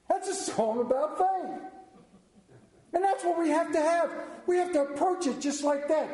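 A man delivers a folksy, earnest sermon, speaking of his own faith and reading scripture aloud. His voice sits high, with a mellow, dark tone. The sound is echoey, as if in a large room. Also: expressive, unhurried. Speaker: preacher.

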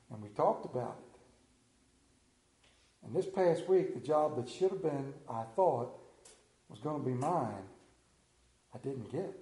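A pastor giving a sermon, talking candidly in a folksy storytelling way, recorded in a church. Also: male voice, fairly high pitch, warm tone, echoey room.

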